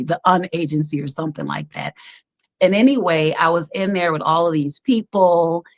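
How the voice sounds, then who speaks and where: A woman with a somewhat low voice talks as a guest on a live-streamed video call. She tells her stories in an animated way, full of laughs and fillers. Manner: animated storyteller, quick to laugh, many fillers. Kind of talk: casual interview over a live stream.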